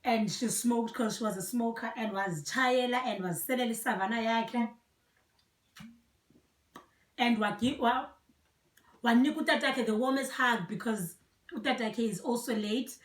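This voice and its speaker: Young Xhosa-accented woman, slightly high voice, earnest and reflective personal storytelling, recorded from a distance in a roomy space. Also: moderate pace, long pauses. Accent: South African, Xhosa. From South Africa. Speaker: vlogger. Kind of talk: personal storytelling, code-switching. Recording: echoey room, voice from a distance.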